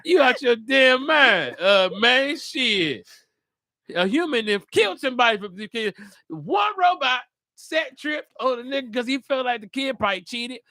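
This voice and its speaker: A male comedian hosting a live podcast, loud and animated, swearing freely and riffing between jokes. His voice sits high with a bright, sharp edge. The sound is close and dry, with no room echo. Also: moderate pace. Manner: animated, profane, jumps into loud put-on voices. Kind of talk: casual live podcast chat.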